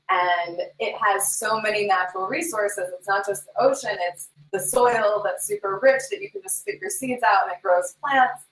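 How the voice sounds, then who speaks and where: A woman from the United States speaks with enthusiasm, restarting her phrases as she goes. She sounds far from the mic in a roomy space. Her pitch sits in the middle. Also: fairly bright tone. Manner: earnest, enthusiastic, halting restarts. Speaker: scuba instructor and guest. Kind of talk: interview. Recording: echoey and distant mic.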